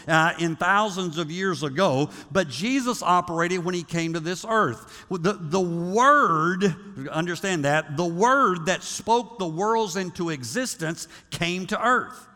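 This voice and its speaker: A male pastor preaching in a large hall, his bright, forceful voice carrying a long reverb tail. He talks with a fairly high pitch and lively delivery. He drags out key words for weight and speeds through asides. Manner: animated preaching, slowing for emphasis and acting out quoted voices. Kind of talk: sermon.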